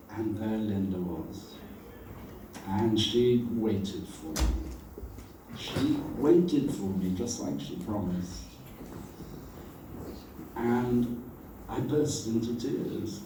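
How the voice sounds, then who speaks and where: A man giving a storytelling tribute about an old friend, animated and acting out the voices he quotes. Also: mid-range voice, slow, pauses often, slight background noise. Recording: very echoey room, voice from far off.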